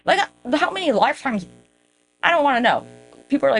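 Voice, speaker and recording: A woman hosting a podcast in a casual, rambling monologue, swearing freely and jumping up in pitch for emphasis. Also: sing-song, fast talker. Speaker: podcast host.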